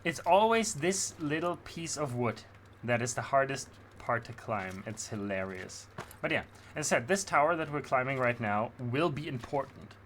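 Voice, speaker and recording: A man's voice: mid-range voice, lively intonation, normal speed, a bit bright, a little hiss or hum. A man streaming a video game, rambling in passionate, opinionated casual commentary. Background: game music.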